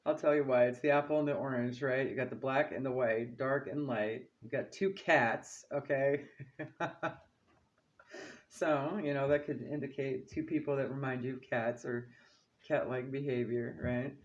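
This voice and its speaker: A man with an average-pitched voice gives a relaxed oracle card reading and often checks in with "okay?" and "right?". The recording sounds dull and lo-fi. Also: moderate pace.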